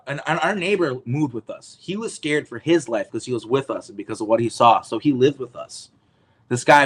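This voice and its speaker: A man talking as an interview guest, telling a story in an animated, rambling way with lots of swearing. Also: medium pitch. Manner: animated, profane, rambling with restarts.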